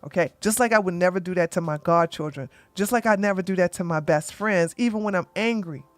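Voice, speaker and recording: A woman hosting an opinionated commentary show, talking bluntly and emphatically, often tagging points with "okay?" and getting loud when she acts out arguments. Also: fairly low pitch, fairly quick, no room sound. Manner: gets loud and animated when acting out arguments. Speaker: commentary channel host.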